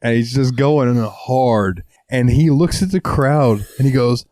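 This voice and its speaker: A young man co-hosting a podcast in casual chat, his voice strained, clearing his throat often and swearing freely. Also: mid-range voice, unhurried, mellow, dry recording. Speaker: podcast co-host.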